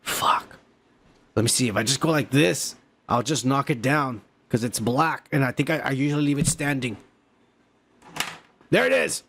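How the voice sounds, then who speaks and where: A male podcast host, drunk and high, rambling through profane, joking commentary. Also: normal speed, gravelly, pauses often, fairly bright tone, a little hiss or hum. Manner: profane, rowdy, jokey.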